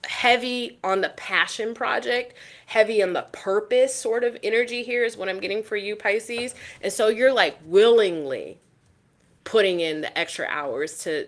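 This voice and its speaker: A woman reads tarot cards for her viewers in a loose, lively way. Her voice sits a little low, and she swears casually and repeats her points for emphasis. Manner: animated, swears freely, talks straight to the viewer. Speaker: tarot reader. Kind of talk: casual tarot reading to camera.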